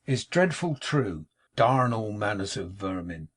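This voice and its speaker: A man voicing a languid, condescending American gentleman who talks in a slow drawl. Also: fairly high pitch, very animated, breathy edge, pitched above the performer's own voice, full character voice.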